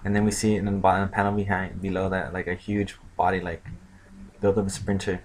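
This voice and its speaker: Low, flat-voiced man rambling a recap. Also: brisk, noisy background. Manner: rambling, filler-heavy retelling with many "like"s. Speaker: manga reviewer. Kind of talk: casual chapter recap.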